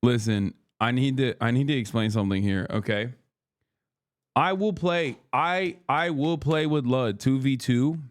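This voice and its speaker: A man riffing on a video for his stream, swearing freely and slipping into impressions of friends. His voice sits in an ordinary middle pitch, caught dry and close on the mic with no room sound. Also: measured pace, dry recording. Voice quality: profane, animated, mimics friends. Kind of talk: casual reaction commentary.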